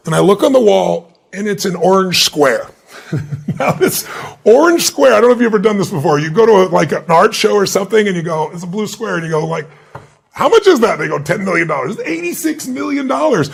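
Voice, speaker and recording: A middle-aged man, a motivational speaker answering an interview, telling stories in an animated way and acting out the voices of people he quotes. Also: a little high, gravelly, slightly rough.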